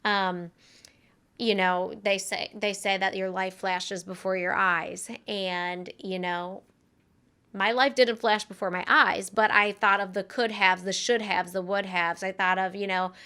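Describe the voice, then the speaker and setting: A woman's voice: mid-range voice, steady tone, unhurried, bright, forceful tone, clean tone. A young woman co-hosting a podcast, telling a personal story in an earnest, conversational way with frequent fillers. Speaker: podcast co-host.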